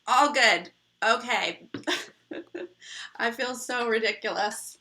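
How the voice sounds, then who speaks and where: A woman's voice: on the high side, slow, bright, forceful tone. A young woman hosting a casual live chat with her viewers, bubbly and rambling, laughing often. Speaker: livestream host.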